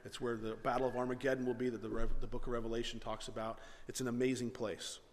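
A man preaching a sermon as pastor, animated, acting out the dialogue of the story and swinging between loud and hushed delivery. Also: medium pitch, fast talker. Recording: long hall reverb.

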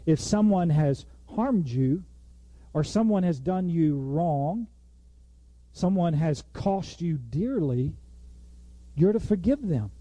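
Man, preacher, high lively voice, slow, dark tone, dry sound. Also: no room sound. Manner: conversational, animated, acts out quoted lines. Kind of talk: sermon.

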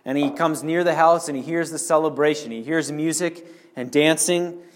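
A man's voice: fairly high pitch, steady tone, moderate pace, a little hiss or hum. A man preaching a sermon, earnestly explaining and speaking directly to the congregation.

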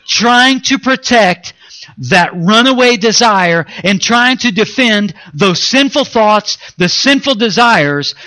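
Bright-voiced pastor preaching. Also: male voice. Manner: swings from raised, urgent preaching to low, hushed asides; playful, acts out his own inner voice. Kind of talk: sermon.

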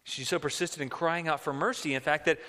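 A male pastor preaching in a conversational way, often slipping into acted-out quotes. His voice sits a touch high and rings bright and forceful. A long reverb from the church hall follows his words. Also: fairly even intonation, fast talker. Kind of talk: sermon.

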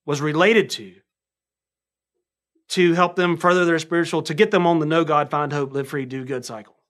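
A man's voice: on the high side, bright, forceful tone. Southern-accented man preaching casually. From North Carolina. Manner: conversational, checks in with "right?" often. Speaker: pastor. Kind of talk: casual sermon on camera. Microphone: camera recording.

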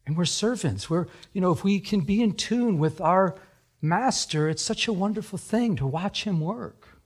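A man preaching a sermon, telling personal stories in a chatty, animated way. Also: high-pitched, normal speed, slightly rough. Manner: animated, chatty, laughs at his own jokes. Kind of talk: sermon storytelling.

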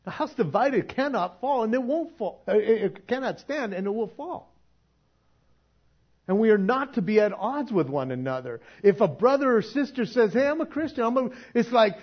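A man preaching a casual sermon, chatty and laughing often, shifting from quiet, soft passages to loud emphatic ones. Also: very high voice, very animated, normal speed, breathy edge, muffled recording.

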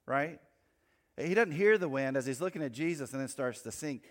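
A man preaching a sermon in a conversational way, with quick asides and light humor. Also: a little high. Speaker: pastor. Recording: long hall reverb.

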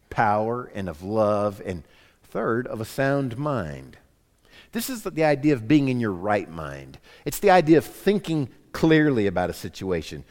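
A male pastor with a drawl delivers a sermon, his voice rising and falling with animated, wide-ranging pitch. He leans into quoted lines with dramatic swings from loud to hushed. The recording carries the long reverb of a church hall. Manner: animated preaching, drops to soft quoted lines.

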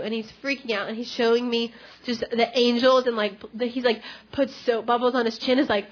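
Young woman sharing a lively testimony in a church service; muffled lo-fi recording. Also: on the high side, fast talker, few pauses. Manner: chatty, animated storytelling with many fillers. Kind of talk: personal testimony.

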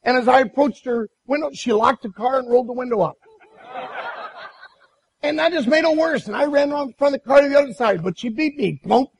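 High gravelly-voiced male preacher. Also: brisk, low-quality recording. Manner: animated storytelling with many restarts. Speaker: pastor. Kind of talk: sermon with personal story.

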